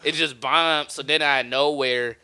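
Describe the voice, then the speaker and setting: A young man casually telling a comedy story, lively, laughing often and acting out the people in it. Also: medium pitch, moderate pace, slight background noise. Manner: animated, acts out voices of others, laughs often.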